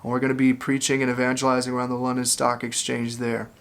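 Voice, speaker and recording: A man speaks in an informal, offhand way, going over plans as an evangelist. His voice sits at a middling pitch. He talks loosely, with plenty of fillers. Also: monotone, fast talker, gravelly, a bit bright, smooth. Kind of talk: casual spoken announcement.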